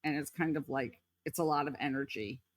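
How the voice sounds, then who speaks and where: A woman's voice: deep voice, brisk, dry recording. A woman co-hosting a podcast, speaking thoughtfully and hedging her points with frequent "like" and "kind of.". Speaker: podcast co-host. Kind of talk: casual reflective chat.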